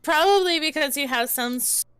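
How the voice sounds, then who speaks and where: Woman game streamer, tipsy and giggly, bright voice, dry close sound. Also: high-pitched, moderate pace, no echo. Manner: rambling, giggly. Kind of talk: casual chat while gaming.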